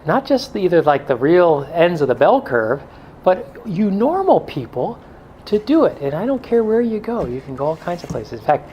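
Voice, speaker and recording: A man's voice: high-pitched, big pitch swings, normal speed, dull audio, a little hiss or hum. A middle-aged male pastor giving a blunt, joking talk to a men's group, now and then mimicking excuses in a whiny voice.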